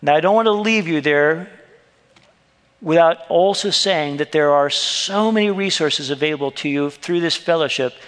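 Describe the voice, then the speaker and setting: Speaking to his congregation in a conversational sermon, a pastor acts out small quoted exchanges. He has a fairly high, slightly bright voice at a moderate pace, trailed by long reverb.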